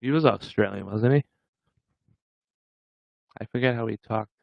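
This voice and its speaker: A man's voice: lowish voice, unhurried, vocal fry, no room sound, lo-fi sound. A man hosting a livestream, chatting casually with viewers in a rambling way and chuckling often. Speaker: livestream host.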